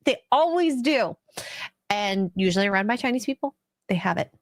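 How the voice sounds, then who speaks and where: A woman's voice: medium pitch, animated, moderate pace, no room sound, studio quality. A woman from Canada with a Canadian accent, chatting as a guest streamer on a podcast, bubbly and self-deprecating. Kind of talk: casual podcast chat.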